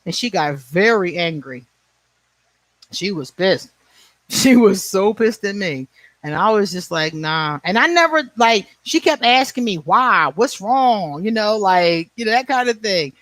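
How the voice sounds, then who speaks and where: A man's voice: high voice, expressive, measured pace, fairly bright tone, dry recording. Blunt, laughing man in his forties. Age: 40s. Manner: blunt, profane storytelling with frequent laughs; answers viewer comments by name. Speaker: livestream host. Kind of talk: casual livestream chat.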